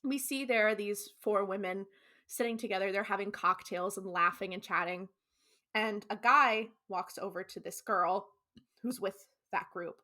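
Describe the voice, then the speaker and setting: A woman's voice: mid-range voice, moderate pace, bright, forceful tone. A woman with a Californian accent co-hosting a podcast, recapping an episode in a chatty way, laughing often and acting out the characters' lines. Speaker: podcast co-host.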